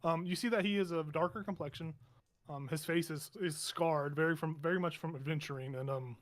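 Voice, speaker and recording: A man narrating a tabletop game as game master in a meandering, halting way with many restarts. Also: a little high, fairly even intonation. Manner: meandering, halting, self-correcting.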